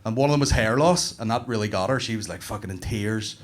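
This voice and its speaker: A man's voice: fairly low pitch, quick pace. A man in his thirties with a Northern Irish accent, doing a stand-up comedy set on a comedy club stage and telling stories with plenty of swearing. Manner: swearing, animated storytelling.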